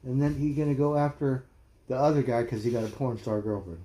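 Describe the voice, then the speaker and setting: A man on a livestream rants in blunt, heated bursts and swears freely. His voice is dark and mellow, and his pitch sits mid-range for a man. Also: fairly even intonation, a little fast. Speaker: livestream host. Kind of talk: casual ranting commentary. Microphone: streaming mic.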